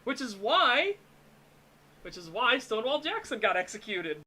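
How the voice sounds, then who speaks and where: A man on a casual streamed podcast, retelling history and film trivia in an animated way and swearing freely. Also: extremely high pitch, moderate pace, rough recording. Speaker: streamer co-host.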